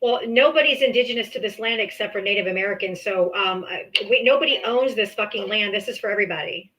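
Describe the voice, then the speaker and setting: Female livestream host, blunt and profane, bright voice; interrupts callers. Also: mid-range voice, quick pace, low-quality recording. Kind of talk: heated political call-in debate.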